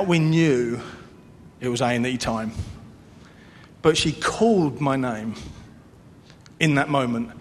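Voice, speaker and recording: A man preaching a sermon as pastor, earnest, with a repetitive cadence. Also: fairly bright tone. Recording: long reverb, faint rumble.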